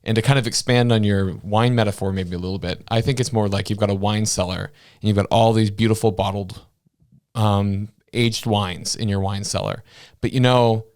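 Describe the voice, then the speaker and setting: A man from Canada's Maritime provinces co-hosting a political podcast, blunt and passionate, with crude jokes. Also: fairly low pitch. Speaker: podcast co-host. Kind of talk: political commentary chat.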